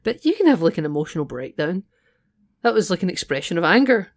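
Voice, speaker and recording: A man co-hosting a podcast, chatting casually and animatedly about a film, quick to laugh. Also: high voice, sing-song. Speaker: podcast co-host.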